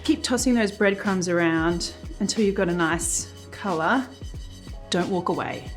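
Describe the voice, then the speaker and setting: A woman's voice: on the low side, unhurried. A woman hosting a casual cooking demonstration, chatting through each step as she cooks in a kitchen. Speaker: cooking show host. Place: home-style kitchen, cooking at the stove. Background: sizzling pan and soft music.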